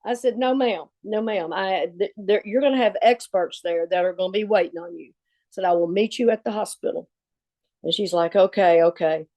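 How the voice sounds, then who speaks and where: A woman's voice: mid-range voice, moderate pace. A woman, a longtime assistant telling a story in an interview, acting out the dialogue and laughing as she goes. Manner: animated retelling with quoted dialogue and laughs.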